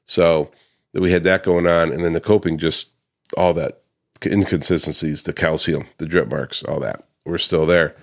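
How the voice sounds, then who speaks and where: Speaking at a normal speed, this American paver restoration owner tells the camera about a dispute with a client. His low voice stays steady with vocal fry, and he slips into customers' voices while stumbling through ums and restarts.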